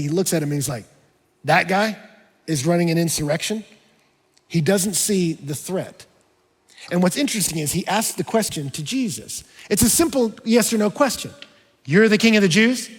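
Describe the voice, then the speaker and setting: Preaching man, husky voice, hall reverb. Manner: expository preaching, shifting between hushed lows and emphatic highs. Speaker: pastor. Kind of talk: sermon. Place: large church auditorium.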